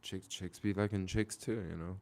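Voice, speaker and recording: A man's voice: low voice, steady tone, a little mellow, slight background noise. A man hosting a casual livestream, chatting with viewers and repeating phrases for emphasis. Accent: American. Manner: repetitive, restarting phrases, drawn-out emphasis. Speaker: livestream host.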